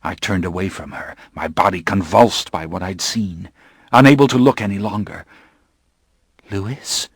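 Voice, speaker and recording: Low-voiced man narrating a gothic audiobook. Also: normal speed, gravelly, husky, no echo, clean studio sound. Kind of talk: scripted first-person audiobook narration.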